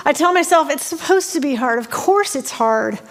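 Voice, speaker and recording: Woman pastor in her 50s, highish voice, chatty storytelling sermon, pokes fun at herself. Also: moderate pace, big-room sound. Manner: storytelling, animated and self-deprecating.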